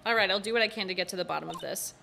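A woman voicing a young male defense attorney in a calm, wry reading close to her own voice. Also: mid-range voice, very fast, vocal fry, very noisy, voice pushed down.

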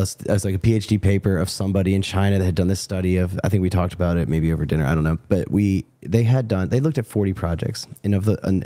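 A man's voice: low voice, mellow. A man hosting a podcast in a rambling, profane and self-deprecating way. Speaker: podcast host. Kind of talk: casual podcast chat.

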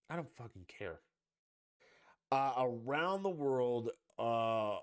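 A man hosting a solo podcast, ranting in a profane, sarcastic and rambling way. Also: on the low side. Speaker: podcast host.

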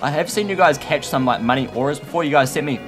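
A man commenting on his own gameplay in a frantic, excitable way, often shouting and squealing. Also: fairly high pitch, fast. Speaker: gaming YouTuber. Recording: light background music.

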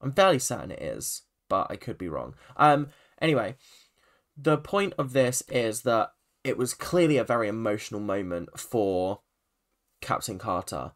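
A man's voice: medium pitch, very animated, normal speed, a bit bright. A man giving a casual, rambling spoken review of a TV episode, full of restarts and asides. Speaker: TV review vlogger.

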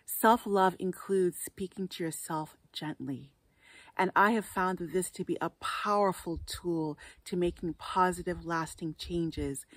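A woman giving gentle, encouraging advice in a vlog, working through numbered tips. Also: fairly low pitch, no room sound. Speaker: wellness vlogger and author.

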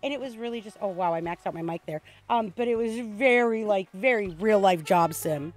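A woman streaming a video game, chatting casually in an excitable, rambling way with frequent restarts. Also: mid-range voice, moderate pace. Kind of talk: casual game livestream chat.

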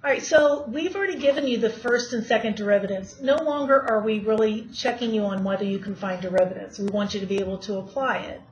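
A fast-talking woman with a medium-pitched voice lectures her math class with few pauses, quizzing students as she works through problems. The classroom recording is dull and lo-fi, with faint hiss.

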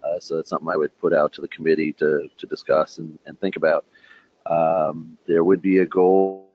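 A low-voiced man dialed into a conference call, giving an event update. He hesitates often and pads his sentences with "uh" and "um". His voice comes through muffled. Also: little pitch movement, normal speed, husky. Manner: hesitant, many fillers. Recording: muffled, faint phone line.

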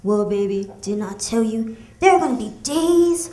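A woman playing a flaky suitor who talks smoothly and offhandedly in a lower, quieter voice. A roomy club sound carries the audience's laughter behind him. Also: animated, moderate pace, a crowd in the background, natural voice. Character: smooth, flaky man calling his date.

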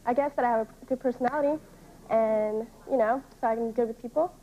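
A woman's voice: a little high, fast talker. A woman contestant on a televised dating game, answering questions in a chatty, giggly way. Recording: dull lo-fi old TV tape, faint hiss.

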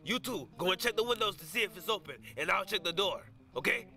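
A man voicing a bossy male bird gang leader in a puppet comedy skit, barking orders in a gravelly voice. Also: high voice, expressive, fast talker, bright, forceful tone, faint music behind, heavily acted. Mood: scheming.

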